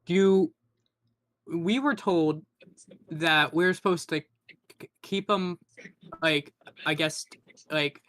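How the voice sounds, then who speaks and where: A man's voice: fairly high pitch, slow pace, pauses often, a bit bright. A man playing a tabletop game who asks questions in an unsure way, full of fillers. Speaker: player. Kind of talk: tabletop play.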